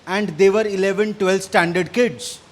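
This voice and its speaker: Indian English man, bright high voice, a bit hoarse, punchy stage speaker who keeps quizzing the room. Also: moderate pace. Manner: energetic, quizzes and challenges the audience. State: slightly hoarse. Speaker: business speaker. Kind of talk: interactive business talk. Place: stage in front of a live audience.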